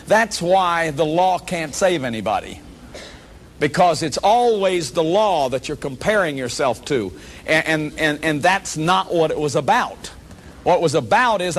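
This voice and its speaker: Male workshop lecturer, higher voice; animated, acts out what people say, restarts sentences often. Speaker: lecturer on shame and addiction.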